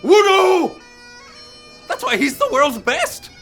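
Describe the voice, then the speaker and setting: A performer playing a goofy, upbeat MC in a comedic children's church skit, lively and prone to excited exclamations. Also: mid-range voice, normal speed, soft background music. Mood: chatty. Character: goofy upbeat kids' show MC character.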